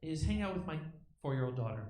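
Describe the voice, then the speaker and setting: A man's voice: on the high side, sing-song, fast, darkish tone, reverberant, a little hiss or hum, low-quality recording. A man hosting a stand-up comedy show, telling a loose, conversational set and teasing the crowd on a theater stage.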